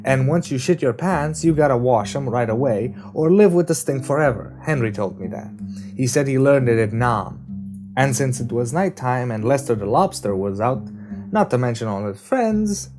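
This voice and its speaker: A man reading aloud voices a sardonic young man who jokes and mocks, his voice pushed a bit higher and louder than the narration. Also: expressive, normal speed, close to an everyday voice. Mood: wry. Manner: sarcastic, joking, louder and higher. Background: guitar music.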